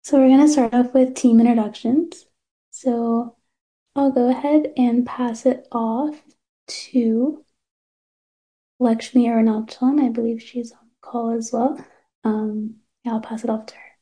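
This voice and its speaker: A woman's voice: a little high, steady tone, unhurried, dark tone. A young woman presenting her startup's product over a video call, hesitant with many fillers. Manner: hesitant, filler-heavy, upspeak-prone. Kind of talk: casual pitch presentation.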